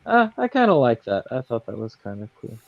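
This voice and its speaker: A man's voice: mid-range voice, huge pitch swings, a little fast, creaky, no echo. A man on a discussion panel, hesitant and full of filler sounds. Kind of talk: casual group chat. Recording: dull lo-fi mic.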